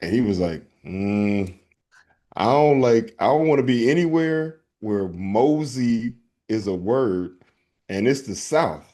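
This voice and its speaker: A man's voice: mid-range voice, lively intonation, slow, mellow. A man co-hosting a podcast in an upbeat, easygoing casual chat, acting out both sides of scenes he describes. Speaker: podcast co-host.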